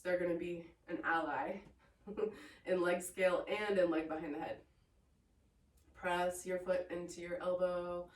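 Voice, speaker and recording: A woman teaching a yoga class, giving calm, encouraging cues with playful asides. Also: fairly low pitch. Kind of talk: guided yoga class instruction. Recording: echoey room, voice from a distance.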